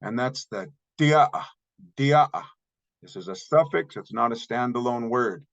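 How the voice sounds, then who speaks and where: A man teaching a recorded language lesson, slowly repeating example words and explaining the grammar step by step. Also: medium pitch, lively intonation, creaky, dull audio. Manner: patient, slow repetition of example words.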